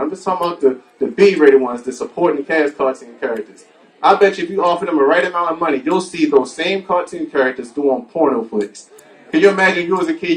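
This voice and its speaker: A man doing a stand-up comedy set on a club stage, crude and playful with the audience. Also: on the high side. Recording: distant mic with music behind.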